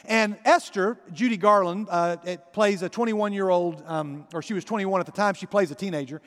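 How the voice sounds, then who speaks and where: A man's voice: high-pitched, normal speed, a bit bright. A man preaching a sermon, telling a story in a conversational way and addressing the congregation directly. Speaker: pastor. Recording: long hall reverb.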